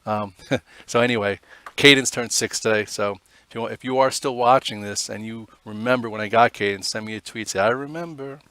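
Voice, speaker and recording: A man's voice: medium pitch, fairly quick, sharp tone, clean tone, dry recording. A middle-aged man giving a casual daily market recap, chatty and rambling in a conversational way. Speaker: market commentator and trader.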